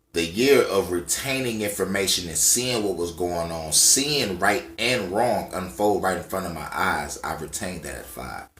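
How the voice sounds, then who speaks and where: Profane, emphatic man with a lowish voice. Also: fairly bright tone, reverberant. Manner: profane, emphatic, conversational storytelling. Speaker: vlogger. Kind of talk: casual ranting monologue.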